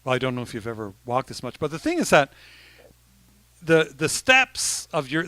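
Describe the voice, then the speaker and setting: Man, bishop, relaxed talk to teens, bright tone, dry close sound, chatty restarts. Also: fairly high pitch, no room sound. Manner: conversational, with many restarts and asides. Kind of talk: informal talk to youth.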